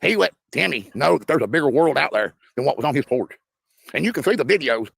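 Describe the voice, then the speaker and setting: Fast, gravelly man. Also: fairly high pitch, very animated, fairly bright tone, dry recording, clean studio sound. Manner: insistent, preachy, repeats points. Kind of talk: impassioned commentary.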